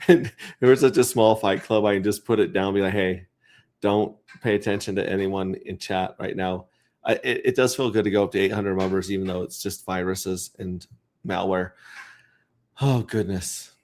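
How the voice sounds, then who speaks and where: Man, low voice, rambling, joking, casual livestream chat. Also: steady tone, brisk, a little mellow. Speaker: crypto livestreamer.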